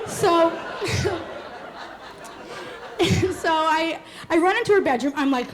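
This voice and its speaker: A woman in her twenties performing a live comic storytelling set, animated and quick, often laughing through her lines. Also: very high voice. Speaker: comedic storyteller.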